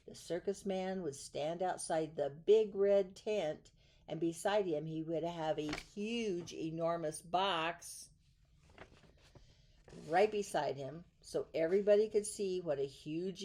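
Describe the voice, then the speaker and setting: A woman reading a picture book aloud in a gentle, soft way, drawing out some words. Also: fairly low pitch. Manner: gentle, soft, drawn-out in places. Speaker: storyteller.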